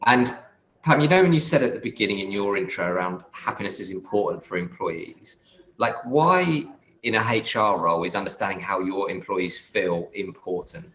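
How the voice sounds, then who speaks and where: A man moderating a webinar panel in a conversational way, halting and repeating words as he thinks. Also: sits low, animated, fairly bright tone. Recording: roomy echoey sound.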